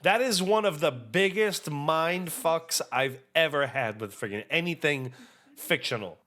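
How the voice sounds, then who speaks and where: Young male reaction host, bright forceful voice, excitable and sweary. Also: fairly high pitch, unhurried. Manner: excitable and profane, animated storytelling. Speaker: anime reaction video host. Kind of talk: casual reaction commentary.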